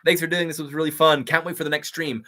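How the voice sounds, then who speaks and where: A young man with a fairly high, sharp voice talks fast in a level tone on a live stream. He's a YouTube impressionist answering live chat, upbeat as he reads viewer comments aloud and thanks people.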